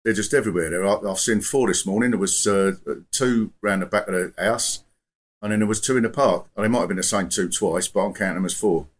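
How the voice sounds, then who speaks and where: A man's voice: lowish voice, fast talker, lightly acted. A man playing a muddled, bigoted middle-aged radio caller in improvised comic role-play, with an indignant, rambling and evasive manner. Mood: grumbling.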